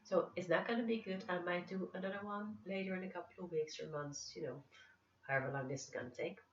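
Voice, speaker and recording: A woman's voice: fairly low pitch, fast talker, slight background noise. A woman vlogger with an American accent tinged with Dutch and English, chatting to camera in a blunt, playful way. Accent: American with Dutch and English traces. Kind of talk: casual chat to camera. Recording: echoey room, distant mic, dull sound.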